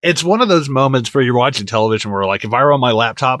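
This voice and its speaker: A man co-hosting a casual podcast, reacting to a TV episode and acting out how he felt, with lots of cursing. His pitch swings widely as he talks. The sound is dry and close-miked. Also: very fast, hardly any pauses, no room sound. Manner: animated, swears often, acts out his reactions. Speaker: podcast co-host. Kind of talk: casual chat recapping a TV episode.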